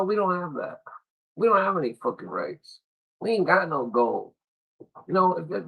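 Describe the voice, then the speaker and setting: Stream host, man, fairly high voice, sarcastic and profane. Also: gravelly, a bit bright, rough recording. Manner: angry, sarcastic, heavy swearing. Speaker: livestream host. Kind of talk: profane political rant.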